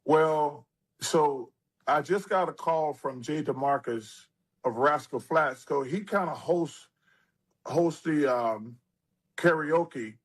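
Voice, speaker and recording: Older male guest, husky, slightly high-pitched, animated casual storyteller. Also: slow pace. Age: 60s. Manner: animated storyteller, drawling, lively asides. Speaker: interview guest.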